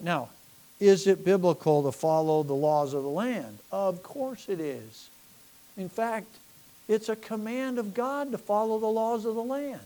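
A middle-aged American man preaching a sermon with rising fervor, addressing his congregation directly. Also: a little high. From United States. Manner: impassioned, rising to near-shouting, talking directly to a congregation. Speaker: pastor.

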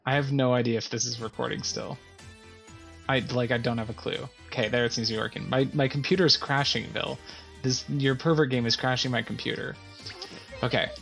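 A woman's voice: extremely low pitch, steady tone, brisk, vocal fry, faint music behind. A woman playing a visual novel game, chatting casually, reading the text aloud and grumbling. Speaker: gamer streaming a visual novel. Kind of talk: casual let's-play narration.

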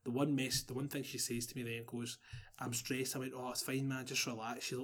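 Bright-voiced young Glaswegian man telling a story. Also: medium pitch, brisk. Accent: Glaswegian Scottish. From Scotland. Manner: animated, laughing, swearing, acts out quotes. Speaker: podcast guest. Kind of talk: casual storytelling.

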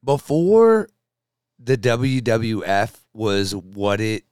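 A man talks slowly but with a lively, swinging pitch, hyping his point with drawn-out emphasis. His voice is smooth and close on a dry mic. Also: no room sound. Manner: animated, hyped, drawn-out emphasis. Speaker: podcast co-host. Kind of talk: casual chat.

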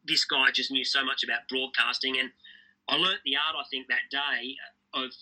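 Bright, husky Australian man. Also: medium pitch, fairly even intonation, low-quality recording. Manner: enthusiastic, fast storytelling with repeated restarts. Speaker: tennis commentator guest. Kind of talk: casual interview chat.

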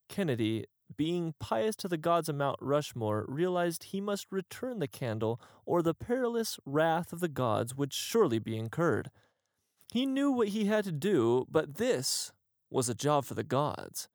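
A man narrating an absurd comic story in a mock-grand, deadpan manner. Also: a little high, no room sound, clean studio sound.

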